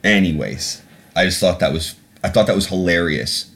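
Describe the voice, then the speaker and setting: Guy with a lowish voice doing a solo podcast rant, swears a ton, rambles with lots of ums. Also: normal speed, vocal fry, a bit bright. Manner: profane, ranting, swears often; rambling with many fillers and restarts. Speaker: podcast host. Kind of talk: solo political commentary podcast.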